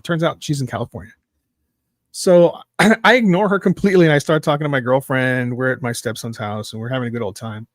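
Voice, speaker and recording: A man with a fairly high speaking voice tells a wild personal story as a podcast guest, animated and emphatic and never shy about swearing. The sound is close and dry, with no room in it. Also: a little fast, no room sound. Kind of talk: casual storytelling.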